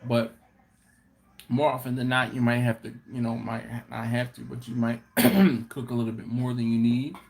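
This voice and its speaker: A man's voice: medium pitch, level tone, gravelly. A man hosting a live-stream Q&A for his barbecue channel, telling stories at an easy pace and acting out what people said. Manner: unhurried, laughing storyteller who acts out quotes.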